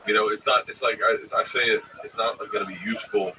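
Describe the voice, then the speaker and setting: A man's voice: fairly low pitch, fast. A man in his forties, a comedian, telling profane family stories in casual chat and acting out the quotes. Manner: profane, animated storyteller who acts out quotes. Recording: distant mic, faint background noise.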